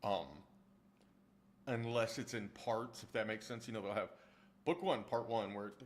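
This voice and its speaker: A man's voice: lowish voice, fairly even intonation, normal speed. A man chatting casually with livestream viewers, rambling and restarting sentences as he answers their comments about his narration work. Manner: rambling, with frequent restarts while answering chat. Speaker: streamer and audiobook narrator.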